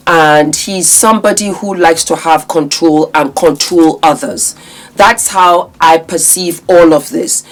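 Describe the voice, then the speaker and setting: A woman with a fairly low voice hosts a casual commentary vlog. She speaks emphatically and warmly calls her viewers her darlings. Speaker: commentary channel host.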